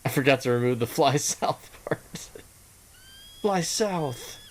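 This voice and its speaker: A man streaming a game and chatting casually with his viewers, laughing often and thinking out loud. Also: medium pitch, steady tone, moderate pace. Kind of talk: casual gaming stream chat.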